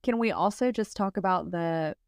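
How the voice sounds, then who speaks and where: A woman's voice: fairly low pitch, moderate pace, vocal fry, a little mellow, no echo, studio quality. A woman co-hosting a podcast in casual chat, chatty, sometimes hunting for words and laughing often. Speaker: podcast co-host.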